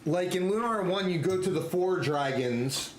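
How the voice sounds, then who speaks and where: A man chatting casually on a live game stream, excitable and rambling, laughing often. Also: sits high, normal speed, a little hiss or hum. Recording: echoey room with faint ambience.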